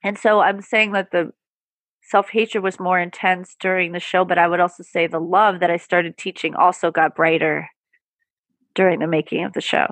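A woman's voice: fairly low pitch, fairly even intonation, moderate pace, fairly bright tone, no room sound. A woman guest on a podcast, a therapist and performer, talking candidly and with animation, often laughing. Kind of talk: casual interview chat.

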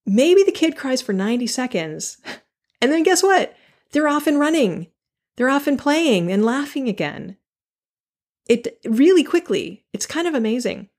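A woman's voice: sits high, very animated, measured pace, darkish tone. A woman hosting a solo podcast, talking earnestly and animatedly, repeating key phrases for emphasis and restarting her sentences. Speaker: podcast host.

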